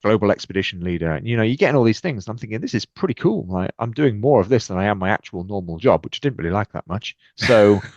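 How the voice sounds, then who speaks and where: A man's voice: fairly low pitch, fast, few pauses, dry recording. A British man in his thirties, a podcast guest, telling personal stories energetically and acting out what people said. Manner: energetic, acts out quoted exchanges with lively shifts. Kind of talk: animated storytelling in conversation. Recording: dull, muffled dry podcast audio.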